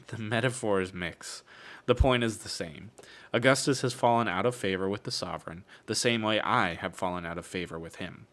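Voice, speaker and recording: Between passages of the novel he's reading on stream, a man breaks off for wry jokes laced with swearing. He has a fairly low pitch and a fairly bright tone.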